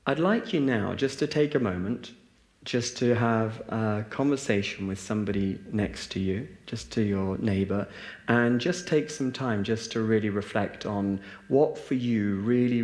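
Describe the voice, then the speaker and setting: A man's voice: lowish voice, a little mellow. A man leading a reflective spiritual talk and group meditation for a live audience, with many fillers and restarts. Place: large hall with a live audience. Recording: roomy echo.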